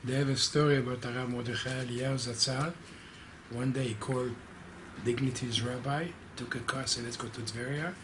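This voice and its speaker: A man's voice: medium pitch, fairly even intonation, a little fast, noisy background. A man in the class offering a story he heard, in a chatty way. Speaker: class attendee. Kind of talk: casual comment in class.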